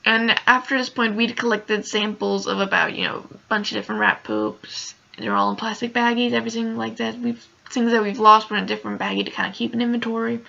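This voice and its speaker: A young woman recounts a story in a casual home vlog, upset and close to tears, her talk full of fillers. Her fairly high voice is gravelly and bright. The recording sounds dull and lo-fi. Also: level tone, fairly quick, hardly any pauses. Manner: emotional, rambling, many "like" fillers. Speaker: vlogger.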